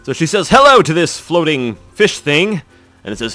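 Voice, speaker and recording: A man's voice: on the high side, big pitch swings, normal speed, sharp tone, no echo, soft background music. A man casually talking through a video game playthrough, chatty, wry and rambling with restarts. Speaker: gaming video host.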